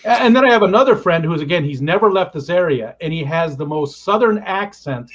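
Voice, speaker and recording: A man's voice: on the high side, lively intonation, a little fast. A man hosting a livestream in easygoing, casual chat, laughing often and thinking aloud. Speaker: livestream host. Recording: slightly muffled lo-fi audio.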